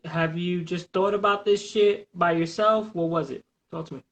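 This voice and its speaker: A man's voice: sits high, normal speed, rough recording. A man hosting a casual live podcast, talking bluntly with plenty of profanity and pulling others in with questions. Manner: blunt, profane and animated, drawing listeners in with questions. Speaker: podcast host.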